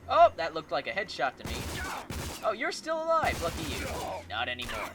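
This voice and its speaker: A man hosting a let's play, giving excitable, joking gameplay commentary and talking back to enemies. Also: on the high side, moderate pace, background noise.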